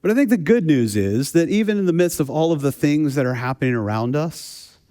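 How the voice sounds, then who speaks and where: A man preaching a conversational sermon, telling a funny personal story in a relaxed, chatty way and often repeating words as he restarts. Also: a little high, fairly quick. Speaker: pastor. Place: church sanctuary. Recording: long hall reverb.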